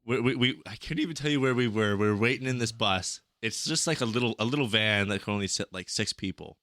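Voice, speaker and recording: Guy swearing his way through a travel story, bright crisp voice, no room sound. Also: on the low side, fast talker, no room sound, clean studio sound. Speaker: podcast co-host. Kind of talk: casual chat.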